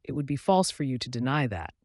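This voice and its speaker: A man's voice: medium pitch, expressive, fast talker, no room sound, studio quality, lightly acted. A man voicing a pedantic, argumentative male official in an audiobook, insistent and formal.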